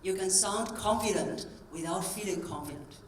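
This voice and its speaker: A woman voice coach giving a live stage talk, coaching the audience through breathing exercises in a clear, encouraging tone. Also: mid-range voice, normal speed, slight background noise. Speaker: voice coach and keynote speaker. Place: convention hall stage. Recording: roomy hall sound from a distance.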